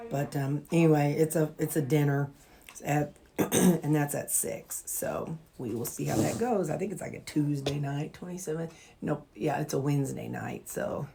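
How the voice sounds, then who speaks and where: A woman's voice: sits low, vocal fry, a little mellow, a little hiss or hum. A woman vlogging casually from her home kitchen, rambling along with plenty of fillers and restarts. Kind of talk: casual chatty diet vlog. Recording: echoey kitchen with dish clatter.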